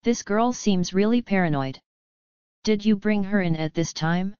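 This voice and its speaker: A woman's voice: mid-range voice, a little slow, darkish tone, clear, resonant tone, dry recording, dull audio, natural voice. A woman reading as a stern royal princess. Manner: stern, formal old-fashioned speech. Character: proud royal princess, elder sister, commanding.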